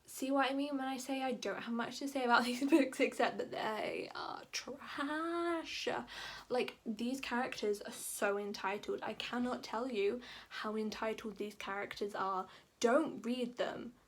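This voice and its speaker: A woman with a fairly high voice rants casually about books she disliked. She is animated and exasperated, and "like" keeps cropping up in her talk. Her delivery is that of an informal book vlog. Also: normal speed. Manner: animated and exasperated, heavy use of "like". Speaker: book vlogger. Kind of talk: casual ranting book review.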